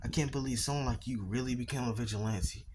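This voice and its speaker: A man's voice: medium pitch, fast talker, a little mellow, lightly acted. A man voicing an arrogant, taunting teenage boy rival who speaks in a mocking tone. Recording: noisy with clicks.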